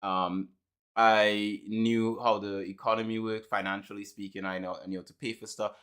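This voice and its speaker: A man's voice: on the low side, little pitch movement, normal speed, fairly bright tone, clean tone. A man chatting casually as a podcast co-host, rambling, repeating words and laughing often. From Trinidad and Tobago. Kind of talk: casual chat.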